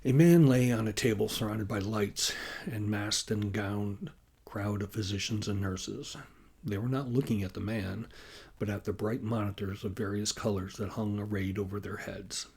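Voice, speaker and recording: A man, the author, reading his science fiction novel aloud as audiobook narration, in a measured, even way. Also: lowish voice, breathy edge.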